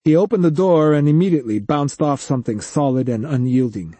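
A man narrating a science-fiction audiobook with expressive storytelling. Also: fairly high pitch, a little fast, dry recording. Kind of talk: scripted narration.

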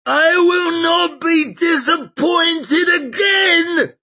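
A man voicing a drunken, blustering old male mercenary with a husky, shrieking, drawn-out delivery. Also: very high-pitched, lively intonation, sharp tone, pitched above the performer's own voice, exaggerated voice.

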